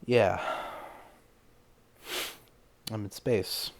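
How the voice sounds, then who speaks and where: A man's voice: on the low side, steady tone, slow pace, gravelly, background noise. A man hosting a podcast, delivering a rambling, stammering comedic monologue full of crude jokes. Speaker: podcast host.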